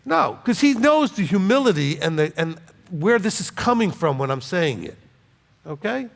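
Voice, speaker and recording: A man's voice: sits high, very animated, normal speed, gravelly, long reverb tail. A man, a rabbi, giving an informal sermon in a blunt, conversational way, often checking in with "okay?" and joking as he goes. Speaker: rabbi teaching scripture.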